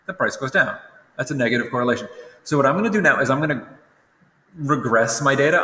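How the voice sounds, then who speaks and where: A man's voice: medium pitch, bright, forceful tone. A tired young man teaching a recorded lesson in a casual, rambling way, often correcting himself. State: tired, yawning. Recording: roomy echo with long reverb.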